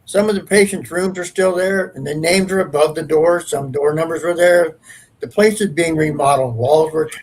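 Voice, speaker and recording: Husky-voiced man telling a ghost story. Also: fairly high pitch, fairly even intonation, moderate pace, poor audio. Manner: earnest, rambling storyteller. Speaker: paranormal investigator. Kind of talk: casual storytelling.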